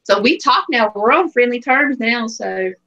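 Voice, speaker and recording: A woman's voice: fairly high pitch, normal speed, muffled recording, a crowd in the background. A woman chatting casually, telling a story and acting out the dialogue. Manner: animated, acts out quoted dialogue.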